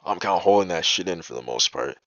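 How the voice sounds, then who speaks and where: A man's voice: low-pitched, lively intonation, quick pace, a bit bright, dry recording, highs cut off. A young man telling a personal story in a casual vlog, rambling and profane, full of "bro" and "like". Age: young adult. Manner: agitated, indignant retelling.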